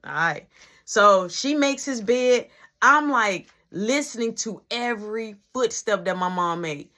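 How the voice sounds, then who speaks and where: A woman telling a personal story in a casual, animated, conversational way. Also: on the high side, unhurried. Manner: animated, conversational, with dramatic asides.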